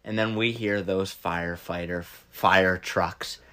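A man's voice: deep voice, steady tone, a little slow, bright, forceful tone. A man telling a funny story in casual chat, acting out the voices of the people in it and laughing often.

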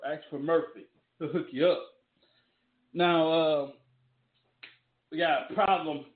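A man's voice: fairly high pitch, fairly even intonation, takes it slowly, pauses often. A man hosting a casual wrestling talk, emphatic and loose, with repeated rhetorical questions. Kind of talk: casual commentary with ad reads. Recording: tinny phone-like audio.

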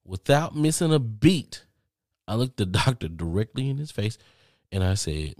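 A man vlogging, telling a story casually to his viewers with lots of cursing and animated asides. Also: fairly low pitch, moderate pace, no echo. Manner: profane, animated, talks straight to viewers.

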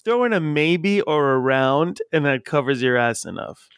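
A man's voice: fairly high pitch, expressive, normal speed, a bit bright, smooth, dry recording, studio quality. A man hosting a podcast, chatting in a playful way and laughing easily. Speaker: podcast host. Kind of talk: casual chat.

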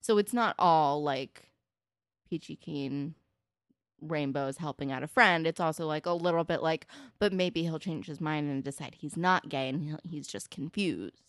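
A woman's voice: sits low, moderate pace, no room sound, studio quality. A young woman co-hosting a casual recap chat, candid and blunt, swearing when annoyed. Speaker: podcast co-host.

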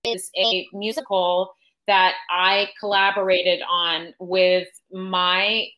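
A middle-aged woman talks as a guest on a casual interview show, spinning animated stories and laughing easily. Her voice is bright and forceful, with an edge to it. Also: on the low side, slow, rough recording. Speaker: Broadway actress, podcast guest.

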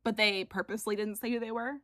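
A woman's voice: mid-range voice, fairly even intonation, quick pace, sharp tone, dry recording. A woman co-hosting a casual chat, asking questions and giving wry takes. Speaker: podcast co-host.

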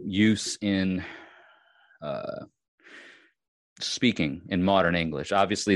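A low-pitched man from Long Island, New York, with the local accent, hosts a casual solo podcast. He rambles with many restarts and fillers, and the studio sound is clean with no room noise.

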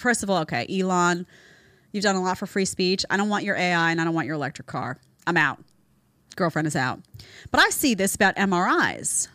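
Lively, sarcastic woman podcast host. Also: lowish voice, dry recording. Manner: sarcastic, exasperated, mocking; reads article excerpts aloud with scornful asides. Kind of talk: opinionated commentary show.

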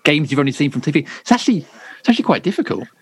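Brief: man, podcast host, relaxed and easygoing, reads questions. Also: fairly high pitch, very fast, breathy edge. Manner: easygoing, laughs readily. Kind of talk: casual chat, reading listener questions.

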